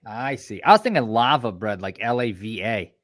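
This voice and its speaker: A man's voice: lowish voice, lively intonation, normal speed, fairly bright tone, no room sound, studio quality. A man co-hosting a podcast, dropping short joking asides in casual chat. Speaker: podcast co-host.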